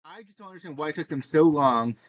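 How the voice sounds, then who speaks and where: Dry-sounding, higher-voiced male co-host. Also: fast, dry recording. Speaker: wrestling show reviewer, co-host. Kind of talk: casual chat.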